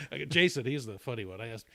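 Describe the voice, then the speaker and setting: A man telling a long personal story in casual chat, rambling and self-deprecating, often clearing his throat. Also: medium pitch, expressive, brisk, pushed and bright.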